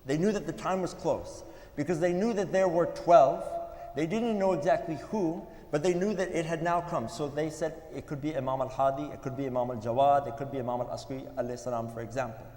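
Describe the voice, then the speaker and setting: A man giving a sermon at a religious gathering, telling stories in an earnest way with pauses. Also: a little high, darkish tone. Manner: earnest, storytelling with pauses, some restarts. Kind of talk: sermon storytelling. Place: mosque hall. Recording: echoey hall with long reverb.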